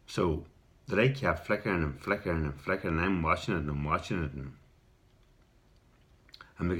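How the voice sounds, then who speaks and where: Deep-voiced Irish man telling a story. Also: a little fast, a bit bright. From Ireland. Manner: rambling, repeats words, clears throat. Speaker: video response storyteller. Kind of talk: casual spoken storytelling.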